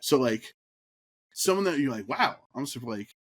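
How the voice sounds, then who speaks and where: A man's voice: mid-range voice, animated, moderate pace. A young man co-hosting a podcast in easygoing, playful casual chat. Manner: easygoing, laughs often, playful. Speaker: podcast co-host.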